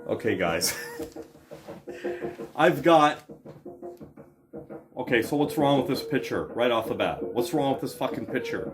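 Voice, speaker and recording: A man in a casual, profane vlog monologue, excitable and emphatic, swearing constantly and firing off punchy lists. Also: mid-range voice, unhurried, pauses often, music in the background. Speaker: vlogger showing his record purchases.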